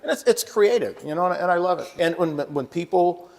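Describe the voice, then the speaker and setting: A man's voice: sits high, fairly quick, big-room sound. A man from Sweden with no accent, a guest chatting casually while cooking, telling stories and mimicking voices. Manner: lively storyteller, mimics other voices. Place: kitchen set.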